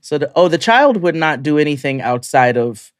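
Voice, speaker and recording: A man's voice: a little high, very animated, normal speed, smooth, dry recording. Laughing storyteller man, dry close sound. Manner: storytelling, laughing often through his own anecdotes. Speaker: podcast co-host. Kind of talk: casual chat.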